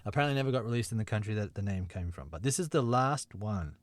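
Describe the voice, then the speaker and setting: A man's voice: fairly low pitch, expressive, fast, few pauses, dry recording. A man hosting a casual podcast, playfully reading out movie quiz clues and synopses to his friends.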